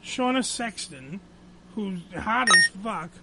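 A man's voice: high-pitched, animated, slow pace, heavy background noise. A man hosting a comedy radio show, talking in a crude, profane, brash way.

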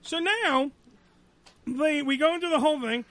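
A man hosting a radio show, telling an angry, profane story about being fired, loud and repetitive. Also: very high voice, normal speed, no room sound. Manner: angry, loud, swearing, repeats himself.

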